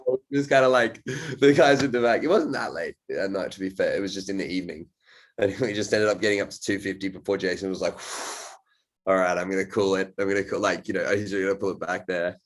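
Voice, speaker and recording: A man hosting a podcast talks in a loose, rambling stream with an easy, offhand swear here and there. His voice sits somewhat low. It is casual chat among friends. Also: brisk. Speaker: podcast host.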